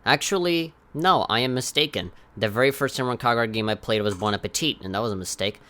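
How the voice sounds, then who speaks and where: A man's voice: medium pitch, fast talker, fairly bright tone. A man co-hosting a podcast in casual chat, telling his story candidly and making fun of himself along the way. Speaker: podcast co-host.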